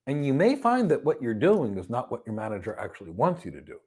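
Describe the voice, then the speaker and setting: Animated man giving career advice. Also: mid-range voice, fast, husky. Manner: animated storytelling, acts out quoted people. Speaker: host answering career questions. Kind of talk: live Q&A advice talk.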